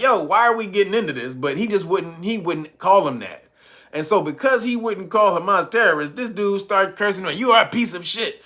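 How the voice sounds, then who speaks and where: A man hosting his own channel, telling a story in casual, slangy commentary, animated and chuckling often. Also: high voice. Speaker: channel host.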